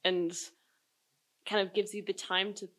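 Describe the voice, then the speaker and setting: A woman's voice: mid-range voice, flat delivery, fairly quick, a bit bright. A woman who grew up in the countryside, chatting about a film in a casual group discussion, her speech full of "like" fillers.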